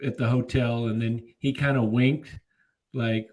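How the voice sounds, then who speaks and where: A man co-hosting a casual sports talk show, excitable, laughing often and pushing his own theories. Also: medium pitch, unhurried. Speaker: podcast co-host.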